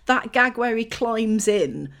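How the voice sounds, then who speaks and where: A woman's voice: on the high side, expressive, takes it slowly, fairly bright tone. A woman from Yorkshire with a Yorkshire accent, gushing enthusiastically as a podcast co-host. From Yorkshire, England. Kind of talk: casual chat.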